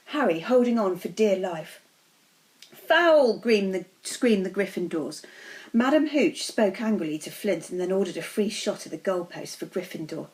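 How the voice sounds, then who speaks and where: A woman teacher reads a novel aloud to her pupils. Her storytelling is steady and expressive. She sits at the middle of the usual pitch for a woman. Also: low-quality recording.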